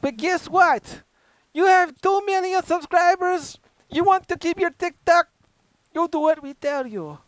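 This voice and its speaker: A man voicing a domineering male spokesman for a foreign state in a deliberately bad put-on Chinese accent, slow and pitched up. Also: no echo, poor audio.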